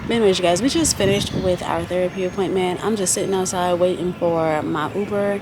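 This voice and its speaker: Vlogger, woman, slightly low voice, chatty, talks straight to her viewers, outdoors on a handheld camera. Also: fairly even intonation, brisk, background noise. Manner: chatty, addresses viewers directly as y'all. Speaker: lifestyle vlogger. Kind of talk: casual vlog chat to camera. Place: outdoors, waiting for a ride.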